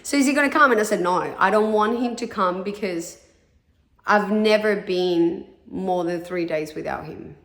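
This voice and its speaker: A woman's voice: fairly low pitch, unhurried. A woman in her thirties telling her own story candidly, frank and blunt, swearing freely and acting out what others said. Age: 30s. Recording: echoey room.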